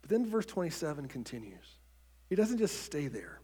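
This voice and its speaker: This man's sermon comes in a sing-song voice on the high side, at normal speed with a breathy edge. He is earnest, frequently repeats words as phrases begin, and lowers to a soft, hushed tone for key points.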